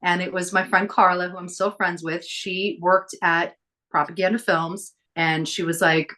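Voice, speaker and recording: Middle-aged woman, podcast guest, chatty storyteller, slightly low voice. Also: little pitch movement, normal speed, bright, forceful tone. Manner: chatty, acts out quoted voices. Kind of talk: casual storytelling interview.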